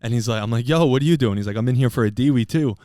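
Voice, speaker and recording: A man co-hosting a podcast with a quick, smooth delivery. He tells a long story in loose, profane casual chat and laughs along the way. His voice is close and dry on the mic. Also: medium pitch, mellow, no room sound. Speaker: podcast co-host. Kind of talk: casual storytelling among friends.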